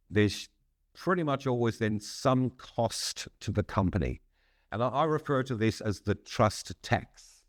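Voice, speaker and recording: Podcast guest: man, lowish voice, measured explainer, dry close sound. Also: no echo. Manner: measured, frequent "um" and restarts, occasional laugh. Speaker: psychologist and consultant, podcast guest. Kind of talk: conversational expert explanation.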